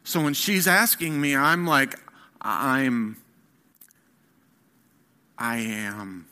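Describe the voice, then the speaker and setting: A middle-aged man giving an earnest personal testimony as a sermon, telling his story haltingly with fillers and restarts. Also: medium pitch, expressive, pushed and bright. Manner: earnest, candid. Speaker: guest speaker.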